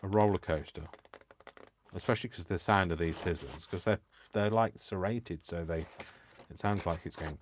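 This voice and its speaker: A man's voice: low voice, moderate pace, background noise. A man hosting a crafting livestream, talking casually in a rambling, self-deprecating way as he works. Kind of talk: casual chat while crafting.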